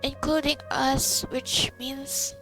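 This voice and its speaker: A woman's voice: high voice, little pitch movement, slow, a bit bright, faint music behind, rough recording. A young woman, reacting to a game in a giddy, emotional way, stammering and laughing. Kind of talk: casual live reaction.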